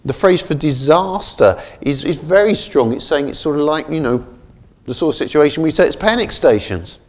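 A man preaching a sermon in a conversational way. He often adds "isn't it?" and slows down and softens on key phrases. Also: on the high side, animated. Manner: conversational, keeps asking "isn't it?".

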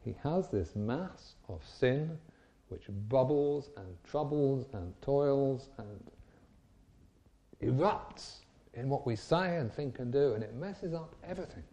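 Male preacher, mellow and warm in tone, animated and emphatic. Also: mid-range voice, takes it slowly. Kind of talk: sermon.

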